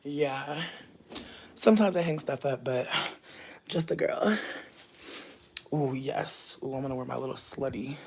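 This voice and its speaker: A woman's voice: extremely low pitch, a little slow, creaky, pauses often. Young woman from the US, casual vlog chat, swears freely, slightly breathless, faint hiss behind. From United States. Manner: profane, rambling, playfully brash, jumps between mutters and loud bursts. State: a little out of breath. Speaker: vlogger.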